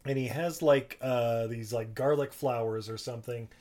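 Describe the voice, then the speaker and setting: A man's voice: mid-range voice, steady tone, normal speed, darkish tone. Rambling, swearing male movie recapper. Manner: rambling, laughing, profane. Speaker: podcast co-host. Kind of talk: casual movie recap chat.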